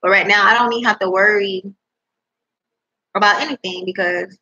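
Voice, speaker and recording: Young woman vlogger at home, casual and rambling, bright husky voice, dull laptop mic. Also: medium pitch, fairly even intonation, normal speed. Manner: chatty, rambling, eating while talking, swearing in disbelief. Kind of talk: casual chat to camera. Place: at home indoors. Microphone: laptop microphone.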